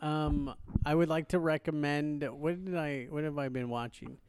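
Podcast co-host, middle-aged man, fairly high voice, dry close sound, hesitant with ums. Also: steady tone, normal speed, a little mellow, clean tone, no echo. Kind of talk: casual chat. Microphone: headphones and studio mic.

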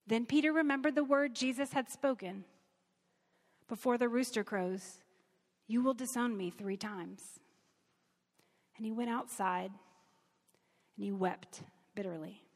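Female Bible teacher, conversational and earnest, slightly high voice. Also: measured pace, pauses often, in a large hall. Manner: earnest, conversational, reads scripture aloud.

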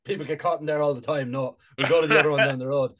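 A man's voice: on the high side, fairly even intonation, very fast, fairly bright tone. A man from Ireland co-hosting a comedy podcast, rambling through jokes and swearing casually. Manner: rambling, jokey, swears often. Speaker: podcast co-host.

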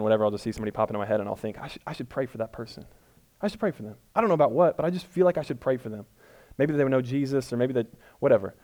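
A male pastor gives a relaxed, conversational sermon with a self-deprecating streak. He stays loose and chatty, then presses his points home with rising emphasis. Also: medium pitch. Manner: casual, self-deprecating, builds to emphatic peaks. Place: church room before a congregation.

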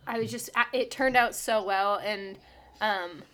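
A woman's voice: medium pitch, unhurried, a bit bright. A young woman musician co-hosting a podcast in casual chat, talking with many fillers and restarts and laughing often.

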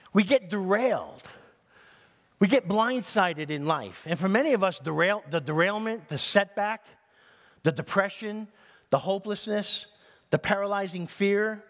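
A man pastor from New City, preaching in an animated, conversational way with humorous asides. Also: high-pitched. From New York City. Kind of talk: sermon. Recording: long hall reverb.

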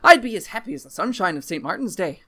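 A young Irish country lad tells his tale in a high, rolling brogue, as a man puts on the accent. His reading is dramatic and theatrical, with every phrase drawn out. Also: very animated, fast, bright, forceful tone, heavily acted. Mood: boastful. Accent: put-on Irish. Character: young rural Irish man boasting of his brutal father.

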